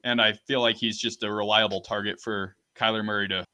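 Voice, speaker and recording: Low, bright-voiced man talking football. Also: little pitch movement, fairly quick, dry recording. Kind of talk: casual sports chat. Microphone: online call.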